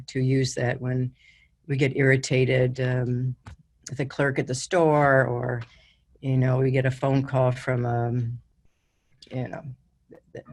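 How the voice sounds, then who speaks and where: A woman's voice: rumbling low, darkish tone, husky. Chatty woman giving a motivational talk. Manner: conversational, full of fillers and asides. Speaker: wellness coach and speaker.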